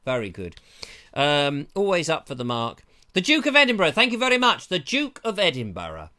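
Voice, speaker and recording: A man's voice: on the high side, huge pitch swings, normal speed, bright, forceful tone. A man hosting a live show, chatting casually in a rambling, jokey way and often interrupting himself, on a lavalier mic. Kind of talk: casual live-stream chat.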